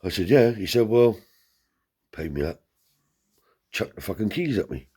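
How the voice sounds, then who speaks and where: A deep, husky man spins a long, rambling yarn full of swearing. His voice is low and warm, and it jumps higher whenever he acts out what someone else said. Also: expressive, a little slow. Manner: rambling, profane, lifts his voice to act out quoted people. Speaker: storyteller. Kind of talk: casual anecdote telling.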